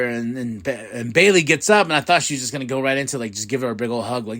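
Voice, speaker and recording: A man hosting a podcast, giving a casual, excitable recap and acting out quotes in quick voices. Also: medium pitch. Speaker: podcast host.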